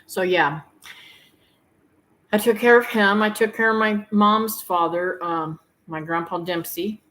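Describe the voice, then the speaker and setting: A middle-aged woman hosting her homestead channel, talking to her viewers in a heartfelt, rambling way with filler pauses and tearful moments. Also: medium pitch, fairly bright tone, low-quality recording. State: tearful at times. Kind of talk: emotional personal talk to viewers.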